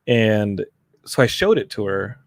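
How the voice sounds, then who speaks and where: Gravelly-voiced man telling stories. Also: on the low side, measured pace, dry recording, clean studio sound. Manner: animated storyteller, mimics his mom. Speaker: podcast host and filmmaker. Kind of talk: casual podcast chat.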